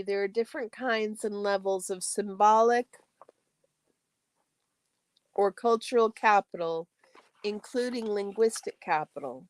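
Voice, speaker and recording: A woman reads a textbook aloud for a study stream. Her delivery is steady and careful, and she sometimes catches and corrects a stumbled word. Her voice sits in a middle pitch and comes across close and dry, with no room sound around it. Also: smooth, dry recording. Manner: steady, careful reading with occasional self-corrections.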